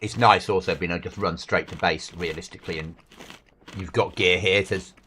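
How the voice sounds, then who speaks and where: A man's voice: sits low, fairly even intonation, fairly quick, sharp tone, a little hiss or hum. A man chatting casually and swearing while livestreaming a survival game with friends. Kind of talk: casual gaming chat.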